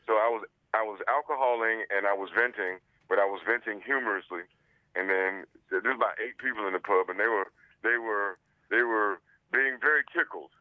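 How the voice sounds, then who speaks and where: A man's voice: lowish voice, a little fast, no echo. A middle-aged comedian from the United States, a man, telling a story over the phone in a laid-back, drawling way. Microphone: telephone. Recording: dull dry phone line.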